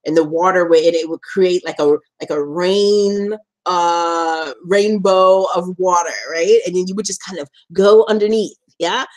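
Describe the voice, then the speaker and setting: A survivor advocate hosting a live stream tells a personal story, laughing often and acting out quotes with big pitch jumps. For the serious points, she slows down and softens her voice.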